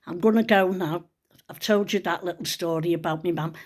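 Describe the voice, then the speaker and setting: A woman's voice: lowish voice, brisk, darkish tone. Woman, middle-aged, casual vlog chat, rambling earnest storyteller. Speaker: vlogger.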